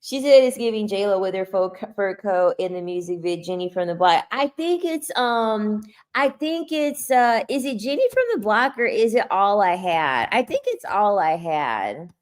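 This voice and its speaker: A woman's voice: medium pitch, expressive, normal speed, hardly any pauses. A woman streaming casual chat who answers her viewers, laughing often and tossing in slangy asides. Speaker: livestreamer reading chat.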